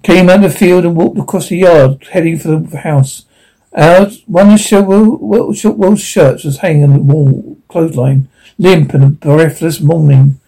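Mellow man reading an audiobook. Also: fairly high pitch, gravelly, low-quality recording. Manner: unhurried, with stumbles and restarts. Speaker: narrator. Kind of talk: audiobook narration.

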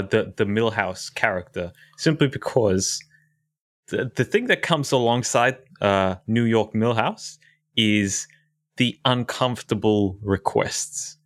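A man's voice: fairly low pitch, fairly bright tone. A man chatting casually as a podcast guest, playful and enthusiastic.

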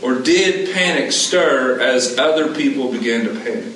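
Animated male preacher in an echoey hall. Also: mid-range voice, unhurried. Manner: animated, asks the congregation questions and repeats key phrases. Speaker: pastor. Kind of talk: conversational sermon. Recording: echoey room, distant mic, background noise.

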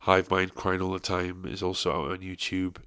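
A man's voice: low voice, little pitch movement, moderate pace, sharp tone, smooth. A young man, tired, chatting on his solo podcast in a rambling, sweary, self-deprecating way. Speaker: podcast host. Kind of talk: casual solo podcast chat.

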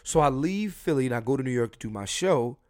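A young man hosting a solo podcast, blunt and swearing freely, his voice swinging between loud and quiet. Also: mid-range voice, lively intonation, quick pace. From Philadelphia. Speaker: podcast host.

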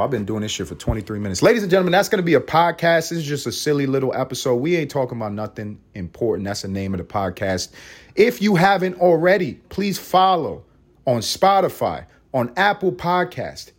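Animated young man telling a story. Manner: animated, swings pitch and loudness when telling stories. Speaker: podcast host. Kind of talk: casual solo storytelling.

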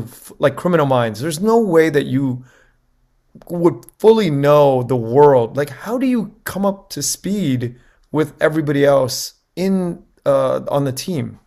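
Male interviewer, gravelly mid-pitched voice, rambling casual questions. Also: a little mellow. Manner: halting questions with many fillers. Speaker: interview host. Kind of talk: conversational interview.

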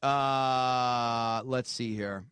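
A man's voice: medium pitch, fairly even intonation, very slow, fairly bright tone, clear, resonant tone, dry recording. A man with a mid-range voice who rambles and swears freely as he co-hosts a podcast. His casual talk is full of stops and restarts. The recording is dry and close. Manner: rambling, profane, restarts a lot. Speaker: podcast co-host. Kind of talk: casual chat.

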